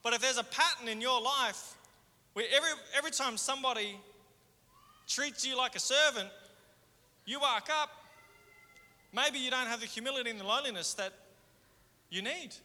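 A man preaching a sermon in a conversational way, moving between fervent and hushed. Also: very high-pitched, normal speed, long pauses. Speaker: pastor. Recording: hall reverb.

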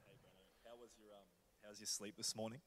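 A man's voice: fairly low pitch, level tone, quick pace, a bit bright. A man, a pastor, chatting hesitantly on stage in a made-up demonstration conversation, with fillers and trailing sentences. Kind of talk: improvised demo conversation. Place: large church hall. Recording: long reverb of a large hall.

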